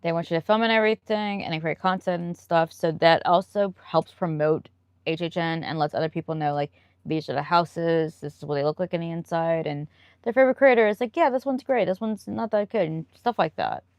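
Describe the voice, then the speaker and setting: A woman hosting a relaxed live stream, chatting loosely with viewers and drifting from one story to the next with frequent laughs. Her voice sits low and has a gravelly, fried edge. The sound is close and dry, with no room echo. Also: brisk. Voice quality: chatty and rambling, laughs often. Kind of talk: casual live-stream chat, answering viewer comments.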